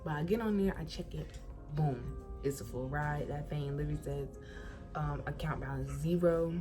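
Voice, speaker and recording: A young woman from Florida telling a casual storytime about getting into college, animated and colloquial, acting out what people said. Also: sits low, moderate pace. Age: young adult. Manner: animated, colloquial, acts out quotes. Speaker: incoming college student. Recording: music playing behind voice.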